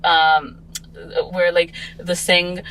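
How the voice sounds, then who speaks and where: A woman's voice: fairly low pitch, flat delivery, drawn-out words, fairly bright tone, a little hiss or hum, rough recording. A woman in her forties, a parent talking as a podcast guest, reflective and rambling with many fillers. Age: 40s. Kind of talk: casual podcast conversation.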